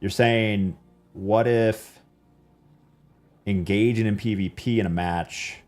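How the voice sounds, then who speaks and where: Streamer guy, lowish voice, loose rambling chat over soft background music. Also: fairly even intonation, slow pace. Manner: rambling, many fillers and restarts. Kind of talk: casual chat reading live chat.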